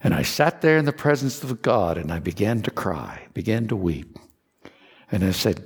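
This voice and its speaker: A man from Kentucky preaching a sermon, telling a personal story in an earnest, confessional way with soft asides. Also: on the low side, big pitch swings, normal speed, creaky, slightly rough, long reverb tail. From Kentucky, USA.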